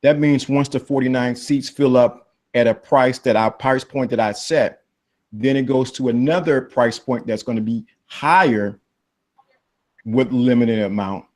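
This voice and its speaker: A man on a casual livestream panel, lecturing in a preachy way and jumping his pitch up for emphasis. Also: measured pace, darkish tone.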